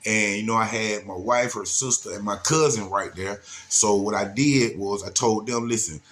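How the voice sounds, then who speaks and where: A man's voice: fairly low pitch, steady tone, moderate pace, fairly bright tone, a little hiss or hum. A man casually telling a story, laid-back and slangy, with many asides.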